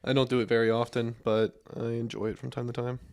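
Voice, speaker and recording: A man's voice: medium pitch, flat delivery, fast, a little mellow. A young man, a podcast guest, telling stories in a rambling, casual way with many restarts. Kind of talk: casual chat.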